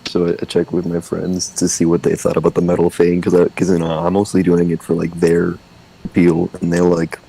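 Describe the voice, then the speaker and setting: A male student caller with a very low, mellow voice that sits deep in the chest. He rambles through his stories, stalling on fillers and starting sentences over. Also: completely flat delivery, vocal fry, slightly rough, poor audio. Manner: rambling, halting, many fillers and restarts. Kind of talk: casual call-in storytelling.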